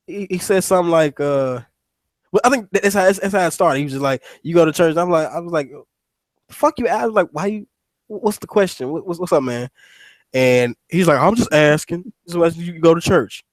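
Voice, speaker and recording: A man's voice: a little high, no room sound. Rambling profane man with a dry sound. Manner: rambling, profane, many restarts. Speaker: radio show host. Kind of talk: casual storytelling chat.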